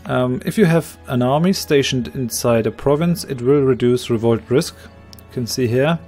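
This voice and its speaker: A man with a slightly hoarse voice calmly explaining his moves, thinking aloud in a strategy game let's play. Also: medium pitch, moderate pace, faint music behind. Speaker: game commentator.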